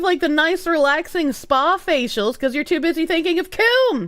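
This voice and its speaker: Lively high-voiced woman streamer chatting. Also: moderate pace, hardly any pauses, soft background music. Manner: loose, swears a lot and laughs often. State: talking around a sore swollen tongue. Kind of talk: casual live-stream chat.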